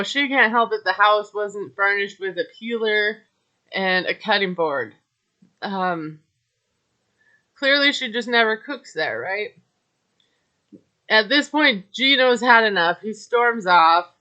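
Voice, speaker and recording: A woman's voice: mid-range voice, pushed and bright, dull audio. A woman casually recapping a reality show, chatty and gossipy, with lots of filler words and judgmental asides.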